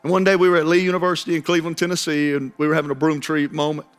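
A man's voice: on the high side, flat delivery, racing, clean tone, soft background music. A young man preaching a sermon, telling a personal story and building to impassioned appeals. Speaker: pastor.

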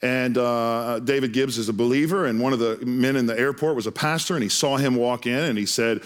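A man's voice: medium pitch, brisk. A male preacher telling a story in a sermon, earnest and often repeating words as he starts a phrase.

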